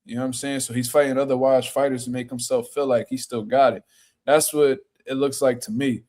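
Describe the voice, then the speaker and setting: A man giving casual, slangy boxing reaction commentary, animated and quick to laugh. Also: mid-range voice.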